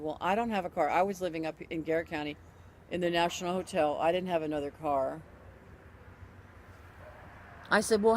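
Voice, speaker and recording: Woman telling a story out loud, animated, does the other people's lines, keeps restarting sentences. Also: fairly low pitch, slight background noise. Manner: frequent restarts and self-corrections. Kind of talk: casual spoken anecdote.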